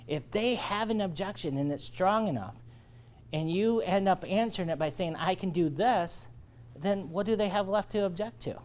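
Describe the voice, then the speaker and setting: A man's voice: high-pitched, normal speed. A man leading a sales training lecture, coaching and checking in often with his listeners. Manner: coaching, checks in with "all right?".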